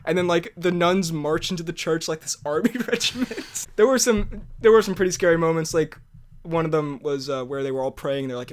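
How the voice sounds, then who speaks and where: A man's voice: a little high, a little fast. A man co-hosting a podcast, rambling and laughing as he tells stories in casual chat. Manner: rambling, animated storytelling with laughs. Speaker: podcast co-host.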